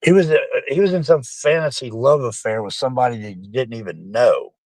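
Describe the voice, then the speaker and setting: A man's voice: medium pitch, expressive, fairly quick, darkish tone, dry recording. A middle-aged man, rambling casually and profanely to his live-stream chat, calling them folks.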